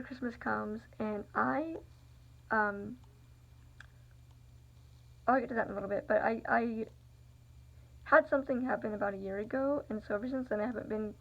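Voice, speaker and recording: A woman's voice: a little high, vocal fry. A young adult woman telling a personal story in a rambling, confiding way, full of fillers. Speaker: vlogger. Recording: dull lo-fi recording.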